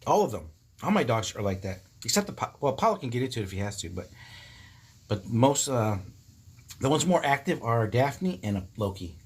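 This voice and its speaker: A man in his fifties chatting casually on a livestream, telling stories in a profane, animated way with frequent laughs. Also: mid-range voice, fairly quick, slightly rough. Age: 50s. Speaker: livestream host. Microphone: phone.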